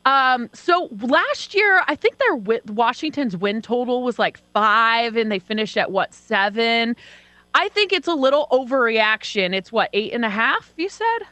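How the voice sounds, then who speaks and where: Brief: female co-host, animated and bright, laughs a lot, dry room with a hum. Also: fairly high pitch, unhurried, no echo. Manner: hesitant, laughs often, restarts. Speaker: sports betting co-host. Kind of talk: casual sports betting chat.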